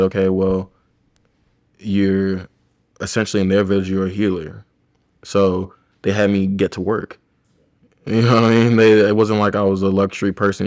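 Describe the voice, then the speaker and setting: Low, flat-voiced man telling stories. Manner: rambling, reflective storytelling. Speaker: chiropractor. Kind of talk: casual podcast conversation.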